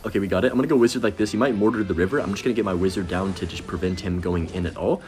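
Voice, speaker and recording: A young man giving casual, rambling commentary over his own gameplay, self-deprecating and reacting quickly to each play. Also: low-pitched, a little mellow. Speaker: gaming commentator.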